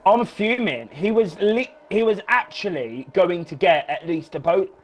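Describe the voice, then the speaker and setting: A man commentating a live sim race, excitable and quick to swear when frustrated. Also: sits high.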